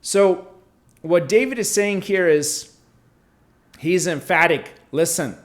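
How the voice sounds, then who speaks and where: A man with a somewhat higher voice teaches from scripture at a slow, deliberate pace. He reads verses aloud and then breaks them down in a relaxed, conversational way, often checking in with a quick "right?". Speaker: Bible teacher. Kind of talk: scripture reading and explanation.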